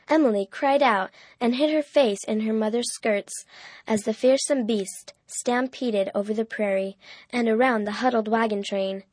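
Fairly high, dry-voiced woman storyteller. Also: darkish tone, no room sound. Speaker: narrator. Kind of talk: storybook reading.

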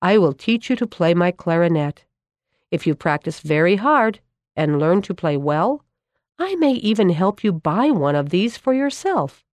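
A woman voicing a kindly but firm older Danish immigrant man who plays the clarinet, speaking gently and patiently in a storybook reading. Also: fairly low pitch, big pitch swings, measured pace, dry recording. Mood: gentle, firm.

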